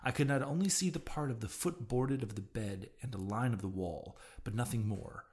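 A man narrating a classic novel in the first person, with a measured, dramatic reading. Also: medium pitch, darkish tone. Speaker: audiobook narrator.

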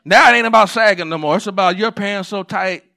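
Pastor, man, high bright gravelly voice; conversational sermon delivery with hushed asides and shouted peaks. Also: fairly quick. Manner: conversational preaching, swings between hushed asides and shouted points.

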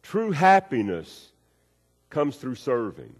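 A man's voice: medium pitch, big pitch swings, slow pace. A man preaching a sermon, folksy and storytelling, repeating his key phrases. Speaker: pastor. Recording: long reverb of a large hall.

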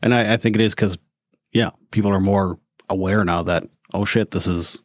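A man's voice: fairly low pitch, steady tone, moderate pace, no echo, clean studio sound. A man talking openly as a podcast guest in casual chat, swearing freely and laughing often.

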